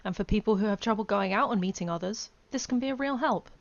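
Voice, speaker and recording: A woman giving measured, scripted documentary narration. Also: medium pitch, no room sound, dull audio. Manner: measured, explanatory.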